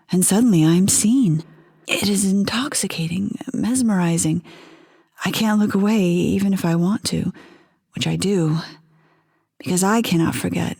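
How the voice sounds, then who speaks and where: A woman narrating a first-person story in a quiet, measured, intimate way. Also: on the low side, breathy edge.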